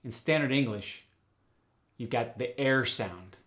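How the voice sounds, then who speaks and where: Middle-aged guy coaching an accent, slow and methodical, medium voice. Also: medium pitch, a bit bright. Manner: methodical, explains step by step with examples. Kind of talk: instructional explanation.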